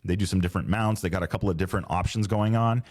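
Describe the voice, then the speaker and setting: Podcast host, man, middle-aged, very low voice; casual, rambling, slangy, restarts sentences. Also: rapid-fire, darkish tone. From Southern California. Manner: rambling, self-correcting, laid-back slang. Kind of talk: casual solo podcast chat. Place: home podcast studio.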